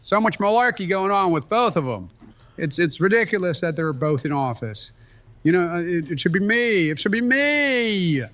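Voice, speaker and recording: Brief: a man doing a bright, stammering old statesman bit, recorded through a dull lo-fi mic. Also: sits high, lively intonation, normal speed. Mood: grumbling. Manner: stammering, rambling, mixed-up words. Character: rambling elderly male politician impression. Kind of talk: comedic gameplay voice impression.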